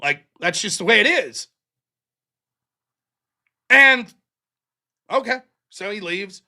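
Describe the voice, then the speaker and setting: A man's voice: high voice, expressive, takes it slowly, bright, forceful tone. A man hosting a live stream, telling a long, rambling anecdote in casual, profane chat full of fillers. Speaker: host of a live streaming show. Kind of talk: casual storytelling monologue.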